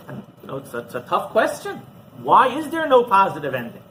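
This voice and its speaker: A man, a rabbi, teaching a class through an animated story and often checking in with the listeners. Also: high voice, brisk, a little hiss or hum, low-quality recording. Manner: animated storyteller who often asks "right?".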